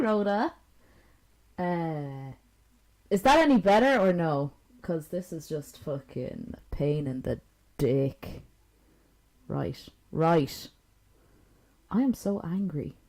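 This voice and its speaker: A woman's voice: low voice, a little mellow, poor audio. A woman chatting on a livestream in a rambling, profane, self-mocking way, frustrated with her gear and talking into a new desk microphone. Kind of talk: rambling casual stream chat. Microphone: new desk microphone with knobs.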